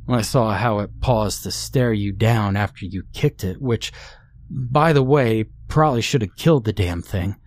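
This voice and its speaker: A man playing Joe, an unhinged young friend who talks fast and insistently with a quiet menace. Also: on the low side, lightly acted. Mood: gruff.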